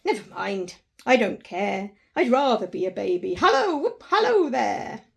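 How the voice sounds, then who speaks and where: A woman's voice: medium pitch, normal speed, gravelly. A woman voicing Scrooge, an elderly man who has turned overjoyed and giddy, laughing and exclaiming in a storybook reading. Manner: laughing, exclaiming, breathless with glee.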